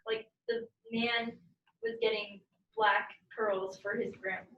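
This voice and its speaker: A teenage girl, a student in a poetry lesson, who talks in an excitable, chatty way. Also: fairly high pitch, slow, vocal fry, echoey room, distant mic, dull audio.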